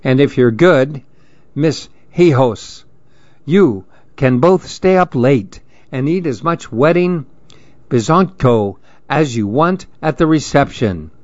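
Speaking slowly and expressively, a man with a mid-range, darkish voice plays a playful Dominican mother who teases and drops in Spanish words. The storybook narration is cheerful, and the recording is dull, lo-fi and dry, with no room sound.

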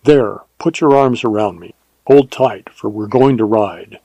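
A determined frontier ranger, voiced by a male narrator, urgent and steady, in a dark, husky tone. The recording is dry and close, with no room sound, as in an audiobook. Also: fairly low pitch, unhurried, dry recording, highs cut off. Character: determined male Texas ranger in his prime.

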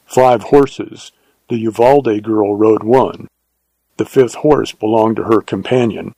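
A man's voice: lowish voice, slow pace, dark tone, husky, no room sound, heavily acted, rough recording. Man voicing a cool, terse Texas Ranger.

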